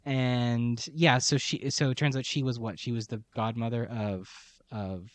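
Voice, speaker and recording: A man's voice: medium pitch, steady tone, measured pace, dry recording. Male podcast co-host, mid-range voice, loose and conversational, corrects himself as he goes; dry close mic. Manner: chatty, thinking aloud and self-correcting. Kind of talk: casual book discussion.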